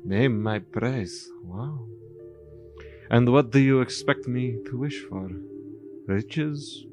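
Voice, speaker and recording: A man's voice: mid-range voice, slow pace, natural voice. A man playing a shrewd, formal bargaining adventurer. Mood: skeptical. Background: ambient music with singing bowl.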